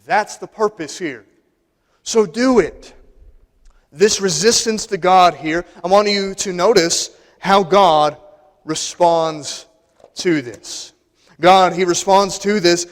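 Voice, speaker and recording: A man's voice: sits high, a little slow. A man preaching a sermon in a church, emphatic and repeating phrases for stress. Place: church sanctuary. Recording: long hall reverb.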